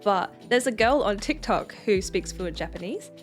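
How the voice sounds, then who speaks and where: A young woman co-hosts a casual podcast, talking in a chatty, rambling way full of fillers and restarts. Her voice sits at an ordinary middle pitch. Faint music plays in the background. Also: animated, normal speed. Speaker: podcast co-host. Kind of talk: casual chat.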